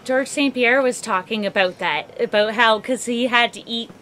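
A woman's voice: on the high side, moderate pace, a bit bright, a little hiss or hum. Playful, teasing female podcast co-host. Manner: laughs often, teasing and playful. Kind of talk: casual chat.

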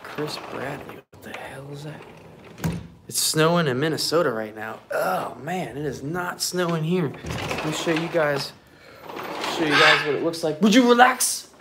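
A man's voice: a little high, measured pace, background noise. Loose, swearing man streaming live with his pets. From United States. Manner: loose, swearing, talks to animals and chat. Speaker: pet keeper streaming live. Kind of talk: casual live stream chat. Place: home and backyard, in and out of doors.

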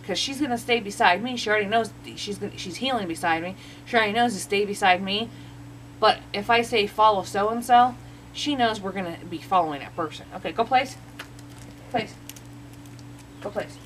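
Woman, casual talk, explains dog commands, mid-pitched voice, outdoors, faint noise behind. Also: a bit bright, poor audio. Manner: chatty, explaining with examples, acts out the dog's greetings in a high voice. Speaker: dog owner training her service dog. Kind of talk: casual vlog narration. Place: outdoors near a bait shop.

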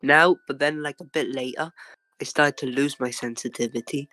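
A man's voice: medium pitch, steady tone, normal speed, pushed and bright, no room sound, low-quality recording. A young man telling a story from childhood in a hesitant way, full of fillers and little laughs. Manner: hesitant, filler-heavy, laughs between phrases. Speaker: guest. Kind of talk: casual storytelling.

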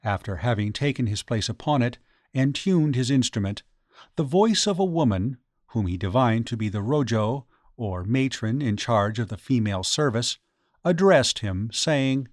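A man narrates a ghost story audiobook in a steady, measured way. His voice sits at an ordinary middle pitch. The recording is dry and close. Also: dry recording. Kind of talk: scripted narration.

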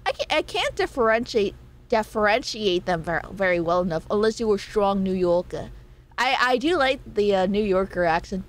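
A young woman streaming a game, chatting casually with viewers, laughing often and swearing freely. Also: mid-range voice. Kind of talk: casual live-stream chat.

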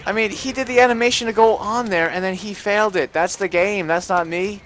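Bright-voiced, cursing gamer man. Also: sits high, brisk, slight background noise. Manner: frustrated, swears a lot, loud outbursts. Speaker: gaming livestreamer. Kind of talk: live gameplay commentary.

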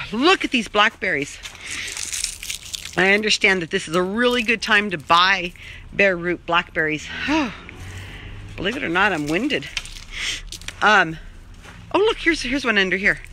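A woman's voice: mid-range voice, big pitch swings, measured pace, pauses often, sharp tone, slight background noise, poor audio. A woman chatting casually while filming a tour of her own outdoor garden on a handheld phone, rambling as she goes. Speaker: vlogger. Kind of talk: casual chat.

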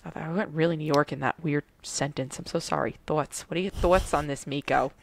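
A woman's voice: low-pitched, fairly quick, creaky, slight background noise. A woman co-hosting a podcast, talking in a bubbly, chatty and self-deprecating way. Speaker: podcast co-host. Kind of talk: casual podcast chat.

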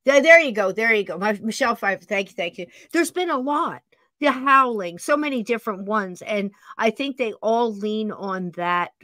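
A woman podcast host in casual chat, talking fast and gushing with enthusiasm. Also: medium pitch, animated, fairly bright tone, no room sound.

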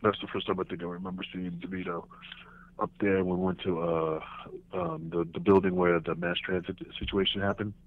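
Gravelly-voiced man storytelling over a phone line. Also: deep voice, a little fast. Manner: animated storyteller, acts out voices and laughs. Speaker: podcast guest, former wrestler. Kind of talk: casual storytelling interview.

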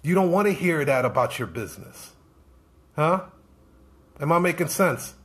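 A man's voice: on the high side, animated, moderate pace, a bit bright. A man giving a motivational business talk on a live stream, firing off rhetorical questions and repeating himself as he pushes his point. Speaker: business coach.

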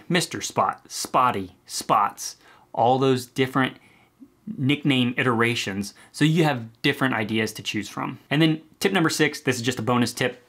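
A man's voice: mid-range voice, fairly bright tone. A man in his thirties hosting a casual advice video to camera, chatty and upbeat with loose asides. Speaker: channel host and dog breed site founder.

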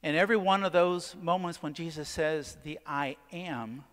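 A man preaching a sermon as pastor, asking the congregation questions and leaning on dramatic pauses. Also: on the high side, a bit bright. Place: church. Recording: long church reverb. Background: church sanctuary.

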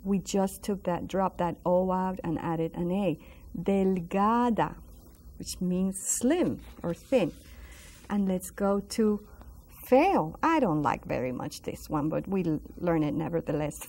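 A woman's voice: on the low side, lively intonation, dark tone. A woman teaching a lesson on a school broadcast, drilling words with patient, encouraging repetition. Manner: slow, patient drilling with sung-out repeated words; encouraging, praises the viewers. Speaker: Spanish teacher. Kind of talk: classroom language lesson.

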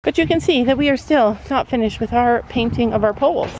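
A woman's voice: fairly high pitch, a little fast, over music. A woman vlogging casually at a horse barn, chatting to her viewers and cooing praise at her horses. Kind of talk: casual vlog chat.

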